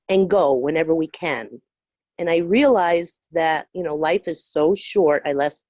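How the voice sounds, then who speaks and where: A middle-aged woman with a low voice shares her story earnestly, pausing with fillers as emotion comes through. The line sounds muffled and dry, as on a video call. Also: a little mellow, no room sound. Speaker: call participant. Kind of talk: personal testimony.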